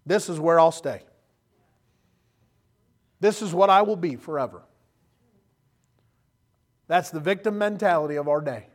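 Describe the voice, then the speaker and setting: High-voiced impassioned preacher man. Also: normal speed, pauses often. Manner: impassioned preaching, swings from quiet to loud; acts out voices of others. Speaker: pastor. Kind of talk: sermon.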